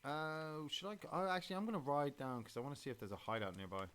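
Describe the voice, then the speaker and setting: A man's voice: fairly high pitch, quick pace, fairly bright tone, slight background noise. A man hosting a gameplay stream, talking casually and rambling, with many fillers and restarts. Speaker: streamer and podcast host.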